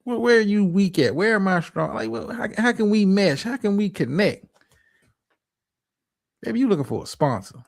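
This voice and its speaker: Gravelly profane man ranting on stream. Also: sits high, expressive, moderate pace, no echo, clean studio sound. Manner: profane, stammering restarts, preachy advice. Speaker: streamer host. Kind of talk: livestream reaction commentary.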